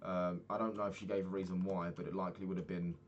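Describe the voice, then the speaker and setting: A young man with a fairly low voice tells a story from his own life, loose and unfiltered, swearing often. He slips into quick impressions of the people he quotes. A faint hiss sits under the recording. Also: level tone, muffled recording. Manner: candid, swears freely, acts out quoted people. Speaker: podcast host. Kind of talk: casual storytelling monologue.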